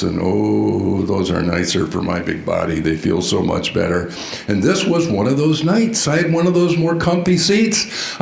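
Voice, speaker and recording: A man giving a storytelling keynote at a conference, animated and quizzing the audience with questions. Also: medium pitch, gravelly. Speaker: conference speaker. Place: large conference hall. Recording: echoey hall sound.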